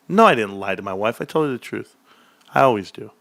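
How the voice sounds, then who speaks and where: Gravelly, joking man in casual chat. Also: lowish voice, animated, brisk, a bit bright. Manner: rambling, joking storyteller who says "bro" a lot; laughs often while telling stories. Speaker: stock livestream host.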